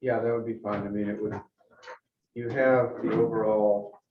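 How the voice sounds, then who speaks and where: A town planning staff member, a man, calmly explaining review procedure at a public meeting. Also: fairly low pitch. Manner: measured, explanatory. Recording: echoey room, distant mic, muffled, faint hiss.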